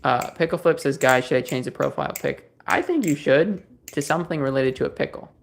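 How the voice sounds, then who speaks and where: Male streamer, relaxed and rambling, reads and answers chat; voice has a gravelly edge. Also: fairly high pitch, fairly quick, slight background noise. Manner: rambling, easygoing, many fillers and restarts. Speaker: livestream host. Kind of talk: casual livestream chat, reading viewer comments.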